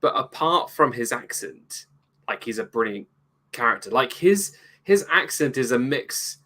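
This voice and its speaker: A man's voice: mid-range voice, expressive, a little slow, bright, forceful tone. A man co-hosting a casual movie review podcast, wry and joking about the film. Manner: wry, jokes, mimics accents. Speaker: podcast co-host.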